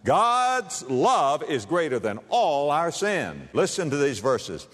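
A man preaching a sermon and reading scripture, swinging between loud high emphasis and low, quiet, drawn-out words. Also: huge pitch swings. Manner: reads scripture aloud, drawn-out stressed words. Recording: long hall reverb.

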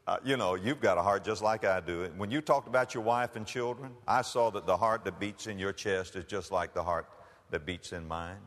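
A man's voice: lowish voice, moderate pace, pitched below the performer's own voice, lightly acted. A preacher voicing a kind Jewish man who eagerly offers to go the extra mile, in a hall with long reverb. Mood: friendly. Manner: warm, eager, inviting.

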